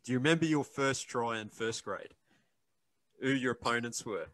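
A podcast co-host chatting in a playful, friendly way with a guest. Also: male voice, mid-range voice, normal speed, a bit bright. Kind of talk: casual chat.

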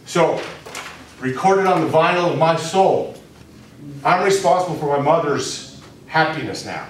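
A man's voice: fairly high pitch, lively intonation, measured pace, a little hiss or hum. A man teaching a spiritual course, speaking candidly to a small group and telling stories from his own life. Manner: candid storytelling, speaks straight to listeners. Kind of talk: personal talk to a small group. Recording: very echoey room, from a distance.

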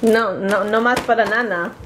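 A woman's voice: on the high side, normal speed, reverberant, background noise. A woman vlogging at home over dinner, chatting casually and teasing with a light, laughing manner. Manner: playful and teasing, laughs often. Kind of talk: casual family chat.

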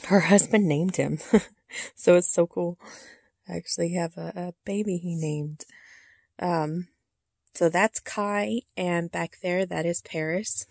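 A woman talks slowly through a casual show-and-tell vlog. Her voice is gravelly and soft, and it often drops to a whisper as she holds back tears. The sound is dry and close, with no room echo. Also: fairly low pitch, fairly even intonation. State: emotional, holding back tears. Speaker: reborn doll collector showing her dolls.

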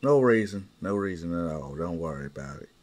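A man voicing an angry, threatening mother who speaks low and slow. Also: animated, darkish tone, a little hiss or hum. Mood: sly. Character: menacing angry mother with a gun.

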